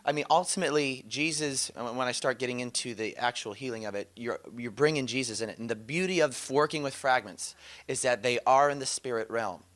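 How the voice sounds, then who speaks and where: A man leading a teaching session, his voice bright and forceful. He tells anecdotes eagerly and laughs often. His delivery is loose and conversational. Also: medium pitch, fairly quick. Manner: enthusiastic storytelling, laughs often.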